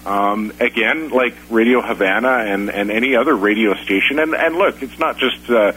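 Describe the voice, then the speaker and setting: A man hosting a radio talk show, speaking in a halting way with many fillers and restarts. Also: medium pitch, bright, forceful tone, slight background noise, poor audio. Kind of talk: casual talk-radio conversation.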